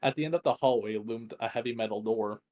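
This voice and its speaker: A man's voice: medium pitch, fast, a little mellow, a little hiss or hum. A man reading fan fiction aloud, with a strained voice, often stumbling and correcting himself. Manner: stumbling, frequent restarts and self-corrections. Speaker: fanfic reader.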